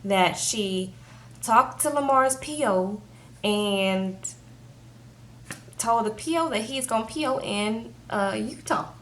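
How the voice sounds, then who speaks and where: With a fairly high, expressive voice that's slightly bright, this young woman slowly recaps a reality TV episode as a show reviewer. She keeps it chatty and loose, leaning on "like" and repeated "okay?" questions, and there's a faint hiss or hum in the recording.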